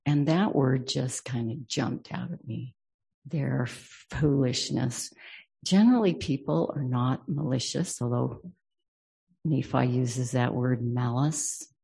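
A man leads an unhurried, reflective scripture lesson. His delivery is slow and measured, with a gravelly, husky edge. The tone is mellow and dark as he reads verses aloud and then considers them thoughtfully. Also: medium pitch. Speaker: scripture teacher.

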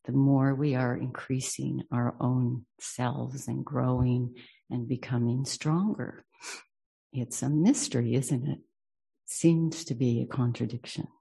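A man teaches scripture at an unhurried, reflective pace, his medium-pitched voice slow and measured with a gravelly, husky edge. He reads verses aloud in a mellow, dark tone, then considers them thoughtfully.

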